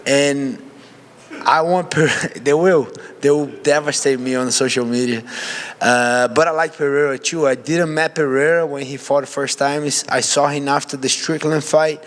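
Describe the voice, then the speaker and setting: Brazilian-accented fighter in an echoey hall. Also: male voice, fairly high pitch, normal speed. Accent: Brazilian Portuguese. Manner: candid, animated, non-native grammar. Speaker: MMA fighter. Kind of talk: casual interview answer. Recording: long hall reverb.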